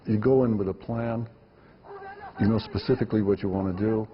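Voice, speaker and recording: A man's voice: lowish voice, steady tone, fairly quick, long reverb tail, muffled recording. A man, a filmmaker guest, answering interview questions emphatically and repeating words for stress.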